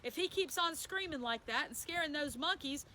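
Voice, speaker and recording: Whispery nervous country boy in a storybook, read by a woman, high bright voice. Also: lively intonation, moderate pace, a little hiss or hum. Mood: whispered anger. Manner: hushed whispering. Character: young country boy, nervous but stubborn.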